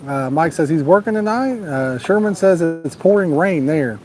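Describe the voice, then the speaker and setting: A man with a higher-pitched, animated voice hosts a live fishing stream at a lake at night with a storm nearby, music playing in the background. At a moderate pace he chats casually in a laid-back drawl, reads viewer comments, and urges people to like and subscribe.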